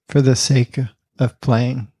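A man preaching a conversational sermon, telling a story in a relaxed way with many fillers, then leading a closing prayer. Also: mid-range voice, takes it slowly, husky, no room sound, clean studio sound. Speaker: pastor.

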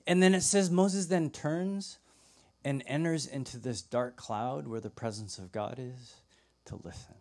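Young male pastor, mid-pitch, casual sermon delivery, acts out voices, swings from loud to hushed. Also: a little slow. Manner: animated storytelling, acts out voices, drops to a hush.

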